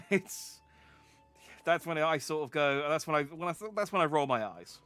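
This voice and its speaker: Guy streaming a game, chatty and rambly, keeps restarting, quiet music under it. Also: on the high side, lively intonation, a little slow, long pauses. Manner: rambling, self-interrupting, chatty. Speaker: vtuber streamer. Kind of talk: casual game commentary.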